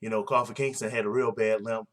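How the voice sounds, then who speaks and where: A man's voice: on the low side, fairly even intonation, fast. A man casually recapping a wrestling show, blunt and opinionated, rambling with fillers and restarts.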